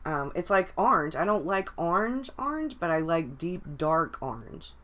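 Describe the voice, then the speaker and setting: A woman with a fairly low voice chats casually on a livestream. She rambles along, restarting her sentences and filling pauses with ums and likes. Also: big pitch swings, fairly bright tone. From United States. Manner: rambling, with many restarts and fillers. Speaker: vlogger. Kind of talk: casual live chat.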